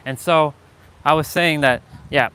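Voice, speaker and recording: On a small clip-on mic, a man hosts a casual, motivational fitness livestream, speaking energetically, repeating himself for emphasis and swearing casually. His voice is a little high, a bit bright, clear and resonant, though the recording is rough.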